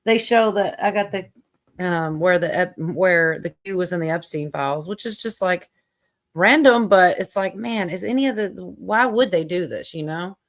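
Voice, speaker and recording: A woman's voice: fairly low pitch, normal speed. A woman hosting a casual livestream chat, rambling with lots of fillers and frequent laughter. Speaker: livestream host.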